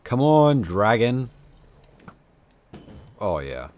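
A young man with a mid-range, slightly mellow voice speaks very animatedly, stretching out his words. As a gameplay commentator in a casual let's-play, he chats and mocks himself, occasionally bursting out at enemies.

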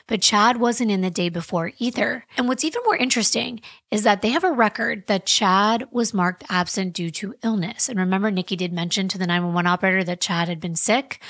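Woman, podcast host, true crime retelling, emphatic, conversational, middle pitch, dry close mic. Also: a bit bright, dry recording. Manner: conversational, emphatic, wry asides.

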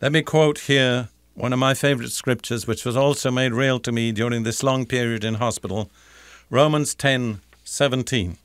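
An older man teaching the Bible in a deliberate, emphatic sermon style, repeating key phrases. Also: medium pitch, steady tone, fairly bright tone, clear, resonant tone, no room sound.

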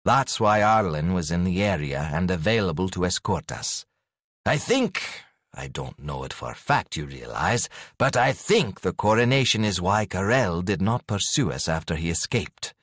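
A man voicing a proud, impatient young duke who speaks in a measured, formal way in an audiobook. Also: deep voice, sing-song, fairly bright tone, dry recording, studio quality, exaggerated voice.

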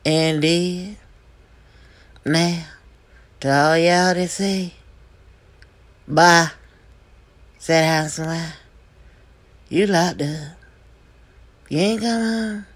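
A gossip show host, delivering comedic gossip commentary full of sassy, drawn-out hums and knowing mm-hmms. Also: mid-range voice.

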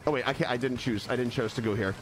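Talking at a quick pace over faint background music, a man streams himself playing a video game. His excitable commentary jumps between quiet muttering and abrupt yelps, with phrases repeated over and over.

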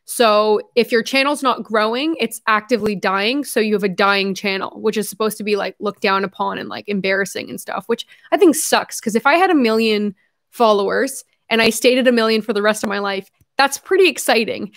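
A woman's voice: mid-range voice, fairly quick. A young woman hosting her own livestream, chatting casually and rambling with frequent fillers and laughs.

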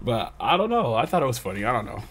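A man hosting a reaction video, talking casually, excitable and quick to laugh. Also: mid-range voice, slightly rough. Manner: excitable, laughs often, animated outbursts. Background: hip hop music playing.

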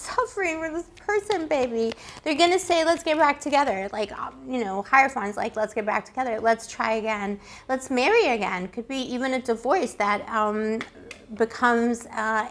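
A woman giving a casual tarot reading, playful and affectionate, calling the listener pet names, her voice slightly hoarse. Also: fairly high pitch. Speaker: tarot reader.

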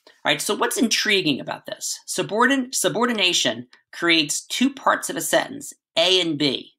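Bright-voiced man teaching a writing lesson. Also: sits high, lively intonation, moderate pace, creaky. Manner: conversational, frequent "right?" and "all right" checks.

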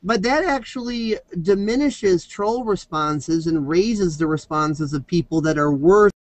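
A man's voice: high-pitched, expressive, unhurried, no room sound, rough recording. A man talking casually in a rambling storytelling way, with frequent restarts. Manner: rambling storyteller with restarts, mimics voices in quotes. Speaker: video host. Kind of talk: casual chat.

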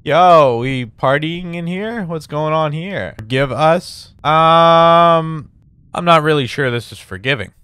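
A man's voice: fairly high pitch, slow pace, bright, forceful tone, clear, resonant tone, dry recording. A young man giving casual, profane commentary while playing horror games, nervous and jumpy, talking back to the characters. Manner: jumpy, swearing, nervous laughter, talks to game characters. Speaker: gaming YouTuber. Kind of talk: horror game let's play commentary.

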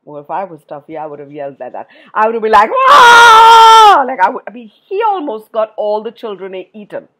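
A woman reading a poem aloud to children in an expressive way, often stopping to ask her listeners questions. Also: mid-range voice, quick pace, hardly any pauses. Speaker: storyteller for children.

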